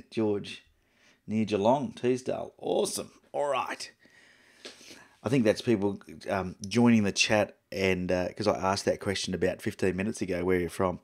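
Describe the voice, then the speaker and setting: A man's voice: low voice, fairly even intonation, measured pace. A middle-aged Australian man hosting a photography livestream, rambling and chatty with lots of fillers and restarts. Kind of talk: casual live-stream chat.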